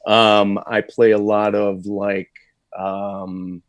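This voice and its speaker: A man's voice: on the low side, completely flat delivery, drawn-out words, smooth, dry recording. A man, a voice actor, chatting candidly and with self-deprecating humor as an interview guest. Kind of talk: casual interview chat.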